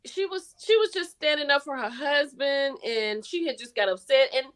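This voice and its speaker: A woman in a casual talk-show chat, chatty and quick to agree, with lots of "like" fillers. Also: sits high.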